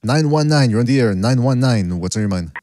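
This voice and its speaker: A man's voice: mid-range voice, animated, brisk, noisy background. A man hosting a boxing call-in podcast, teasing callers and laughing often. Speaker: podcast host.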